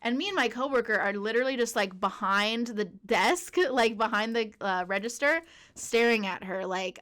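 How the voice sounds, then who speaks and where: A young woman chatting casually on a podcast, telling a workplace story in an animated way, laughing often. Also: medium pitch, fairly quick. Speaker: podcast co-host.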